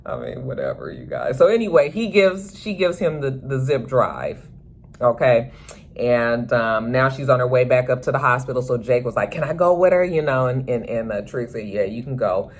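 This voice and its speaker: A woman's voice: extremely low pitch, very animated, normal speed, slight background noise. A woman vlogger giving a casual, sassy recap of a TV episode, chatting to her viewers and slipping into character voices.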